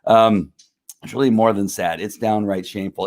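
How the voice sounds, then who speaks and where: A man's voice: lowish voice, steady tone, moderate pace, darkish tone. Heated man ranting on a livestream. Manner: heated, frustrated, rambling with many fillers. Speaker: livestream host. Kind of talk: casual livestream rant.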